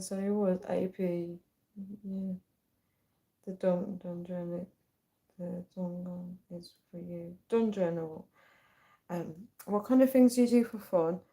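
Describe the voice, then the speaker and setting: A woman's voice: on the low side, warm tone. A woman on a casual livestream, chatting, giggling and reading viewers' comments aloud. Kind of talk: casual live-stream chat. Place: at home late at night.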